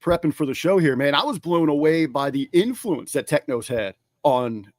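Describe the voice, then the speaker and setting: A man with a somewhat high voice hosts with lively energy, doubling words as ideas rush out. His voice sits dry and close, with no echo. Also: moderate pace. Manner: animated, repeats words when excited. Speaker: podcast co-host. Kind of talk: casual chat.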